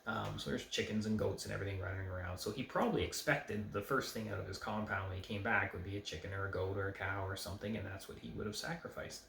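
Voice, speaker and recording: A man giving an informal Bible study, talking in a conversational, hesitant way with many pauses and fillers. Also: lowish voice, steady tone, gravelly, a bit bright, reverberant. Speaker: Bible teacher.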